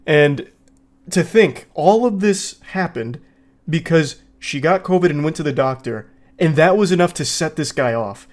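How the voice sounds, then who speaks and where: Sarcastic man with a higher voice. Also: animated, measured pace. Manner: sarcastic, exasperated, profane. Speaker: commentary host. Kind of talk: reaction commentary reading texts aloud.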